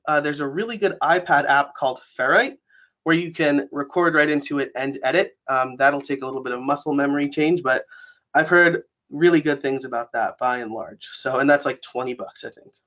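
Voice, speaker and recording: A man's voice: a little high, fairly bright tone. A man from New York with a New York accent, presenting a casual webinar and talking it through with lots of fillers. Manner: chatty, many fillers like um and like. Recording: dull lo-fi webinar audio.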